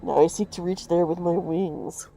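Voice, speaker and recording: A woman voicing a grave, soft-spoken man from a game, with a muffled voice and slow, archaic phrasing. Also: fairly low pitch, steady tone, vocal fry, pitched below the performer's own voice. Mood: solemn. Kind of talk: reading game dialogue aloud.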